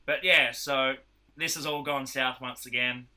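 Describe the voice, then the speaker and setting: Bright-voiced Australian man recapping a film. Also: mid-range voice, a little slow, smooth. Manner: animated retelling, acts out characters' lines. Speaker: podcast co-host. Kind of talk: casual film review chat.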